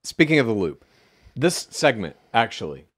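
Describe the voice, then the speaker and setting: Middle-aged man, podcast co-host, wry, swears, very lively intonation. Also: medium pitch, normal speed. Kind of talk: casual chat.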